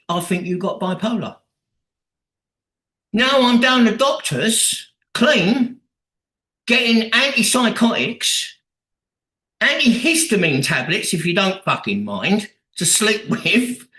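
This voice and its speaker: Speaking at a recovery meeting, this English man is blunt and heavily profane, putting on voices for the people he quotes. He has a high, sharp-toned voice, captured in a roomy, low-quality recording.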